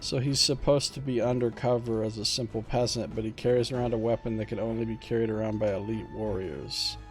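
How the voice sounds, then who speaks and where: A man's voice: fairly low pitch, steady tone, brisk, faint music behind. A man streaming a gamebook, mixing read-aloud narration with wry, joking commentary.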